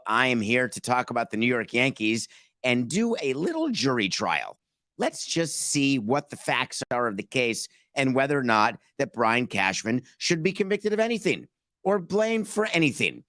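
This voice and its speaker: A man's voice: mid-range voice, fairly bright tone, dry recording, clean studio sound. A man hosting a sports podcast, talking in a sarcastic, playful way. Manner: sarcastic, playful, mock courtroom framing. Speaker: podcast host.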